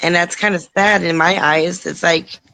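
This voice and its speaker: A woman's voice: on the low side, steady tone, moderate pace, pushed and bright, low-quality recording. A woman in her thirties chatting as co-host on a casual live talk show over a video call, chatty and laughing often.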